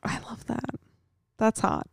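A woman's voice: slow, no room sound, clean studio sound. A woman co-hosting a casual podcast chat, reacting with short, profane remarks and laughs. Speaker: podcast co-host.

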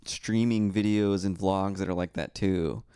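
A man's voice: steady tone, measured pace, mellow, clear, resonant tone, dry recording, clean studio sound. A young man, a stand-up comic, chatting casually on a podcast, joking and mimicking people. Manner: joking, mimics people in goofy high voices. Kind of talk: casual chat.

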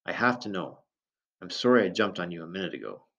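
A man's voice: low voice, big pitch swings, fast talker, vocal fry, a bit bright, exaggerated voice. A man voicing a bitter, grieving father. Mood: pained. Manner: bitter, cracked, rising in anger. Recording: dull lo-fi recording.

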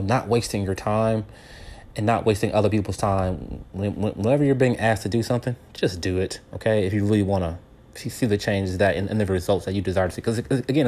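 A man in his late thirties telling a story in a casual monologue, animated and repeating his words often. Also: on the low side. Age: 30s. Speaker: advice talker.

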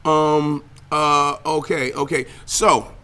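Young guy ranting on his podcast, swears a ton, lotta um and uh, voice on the higher side. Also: takes it slowly, smooth. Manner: profane, animated, trailing filler words. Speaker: podcast host and streamer. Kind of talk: casual solo podcast rant.

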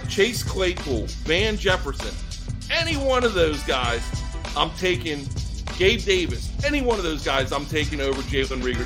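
Animated, argumentative male podcast co-host. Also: on the high side. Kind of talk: casual sports podcast banter.

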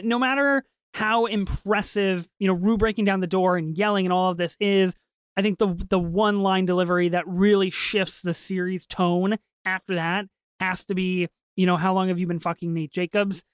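A woman co-hosting a podcast in casual chat, talking quickly and eagerly with lots of restarts. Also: medium pitch, clear, resonant tone, no echo. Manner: fast, animated, with repeated restarts. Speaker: podcast co-host.

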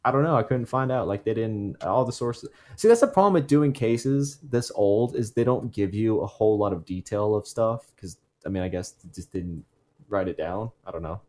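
A man's voice: on the low side, moderate pace, darkish tone. A man co-hosting a casual podcast, telling a true case in a rambling way that stops to correct itself and throw in jokey asides.

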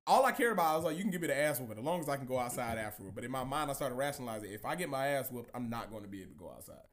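A man hosting a podcast, telling a long story in casual, profane, animated chat with lots of laughing. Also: mid-range voice, racing. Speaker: podcast host.

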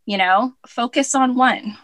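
A woman's voice: on the high side, a little slow, no echo. Chatty woman podcast co-host, dry sound. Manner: chatty, many "like"s and acted quotes; warm and affirming. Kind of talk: casual podcast chat.

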